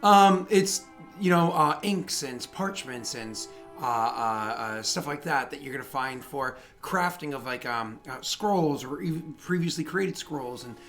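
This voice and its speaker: A man's voice: mid-range voice, lively intonation, measured pace, a bit bright, soft background music. A man narrating as game master of a tabletop game, talking with many fillers and restarts.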